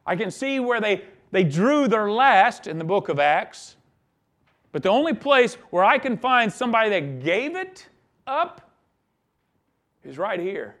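High-voiced man preaching with fervor. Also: sing-song, unhurried, a bit bright. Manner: emphatic preaching, rising and dropping in volume. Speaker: pastor. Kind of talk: sermon.

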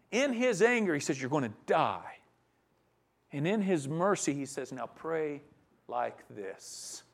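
Preaching on a psalm, this pastor has a high-pitched male voice. His delivery is earnest and swells to emphatic peaks, with gentle chuckles between points.

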